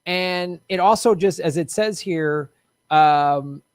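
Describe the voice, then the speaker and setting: A man hosts a podcast in a loose, jokey, profane way, chatting about politics and reading news items aloud. His voice sits slightly high for a man. The sound is dry. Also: slow pace, clean tone, no echo. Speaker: podcast host. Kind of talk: casual political chat.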